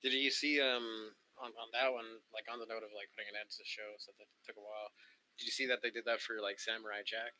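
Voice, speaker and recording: Young man, casual co-host, rambling with restarts, low pitch, sharp bright tone. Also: flat delivery, fast, poor audio. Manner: rambling, lots of ums and restarts. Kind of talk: casual chat. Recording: faint background noise.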